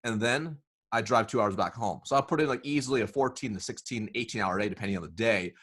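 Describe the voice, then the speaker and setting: A man being interviewed as a sales consultant, telling stories in a lively way, often saying "right?" and acting out bits of dialogue. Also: on the low side, fast talker, slightly rough. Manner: animated, says "right?" often, acts out dialogue. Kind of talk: casual interview storytelling.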